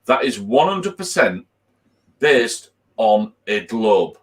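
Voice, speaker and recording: A man in his fifties chats with guests on his birthday stream. His pitch swings widely as he presses a point, repeating himself for emphasis. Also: sing-song, slow. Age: 50s. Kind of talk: casual group chat.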